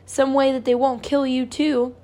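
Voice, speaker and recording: A woman's voice: high-pitched, level tone, normal speed, mellow, voice pushed up, close to an everyday voice. A woman reading aloud, voicing an anxious mother pleading with her husband. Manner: urgent, pleading.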